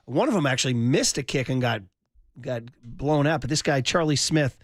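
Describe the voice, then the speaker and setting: A man's voice: mid-range voice, normal speed, no room sound, clean studio sound. A man hosting sports radio, trading wry jokes in casual banter. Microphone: studio microphone.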